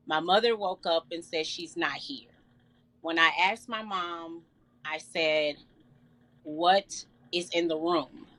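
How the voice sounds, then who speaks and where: A middle-aged woman telling an emotional personal story in an interview, earnest and halting with many fillers. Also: low-pitched, sharp tone. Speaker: guest.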